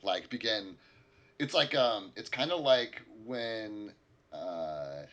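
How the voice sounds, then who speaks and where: A man's voice: lowish voice, animated, slow pace, a bit bright, muffled recording. A man narrating as dungeon master, describing scenes in a loose, rambling way with many fillers. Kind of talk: narrating a tabletop game.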